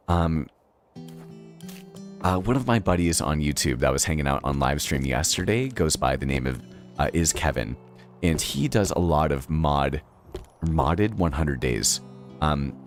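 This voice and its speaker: Man, Boston accent, very low voice, lively swinging delivery, rambling live-stream chat, faint guitar music behind. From Boston, Massachusetts. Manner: rambling, chatty, many fillers, laughs often. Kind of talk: casual live-stream chat while playing.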